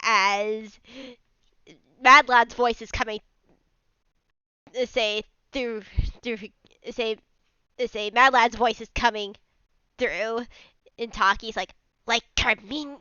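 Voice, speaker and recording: A woman's voice: fairly high pitch, fairly even intonation, slow, long pauses, bright, forceful tone, clean tone, no room sound, lo-fi sound. A woman playing a tabletop role-play game, narrating her character's actions in a rambling way. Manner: rambling, many fillers and restarts in narration. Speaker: player.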